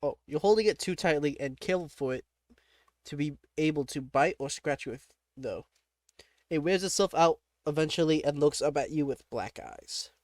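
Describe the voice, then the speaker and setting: Clean studio sound with no room ambience captures a man whose slightly high voice is animated and a little mellow, moving at a moderate pace. He plays through a text adventure, voicing the game text, reacting casually, laughing frequently and interrupting himself with startled exclamations.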